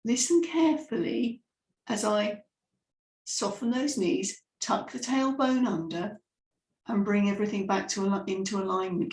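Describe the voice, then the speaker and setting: Brief: animated female speaking coach, demonstrating exercises, roomy echoey sound. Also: medium pitch, measured pace. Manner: lively, demonstrative, guides listeners through exercises. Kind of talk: live vocal warm-up lesson. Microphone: microphone, sometimes stepping close. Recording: roomy echo.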